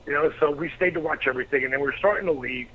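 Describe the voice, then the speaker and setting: A middle-aged man, a former pro wrestler, telling profane, animated anecdotes as an interview guest. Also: a little high, rapid-fire, a little hiss or hum. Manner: profane, animated storyteller acting out quotes. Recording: slightly dull lo-fi recording.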